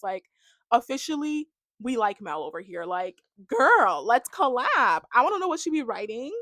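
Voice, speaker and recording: A young woman ranting casually about a reality show, full of "like" and animated reactions. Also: a little high, a little fast, no echo. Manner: chatty, heavy on "like", animated reactions. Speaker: reality TV recap vlogger. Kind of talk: casual rant to camera.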